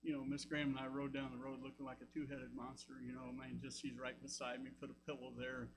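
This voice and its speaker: Older Southern pastor telling folksy stories. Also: male voice, medium pitch, flat delivery, fast talker, background noise. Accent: Southern American. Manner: folksy storytelling with asides. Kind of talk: sermon. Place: church sanctuary.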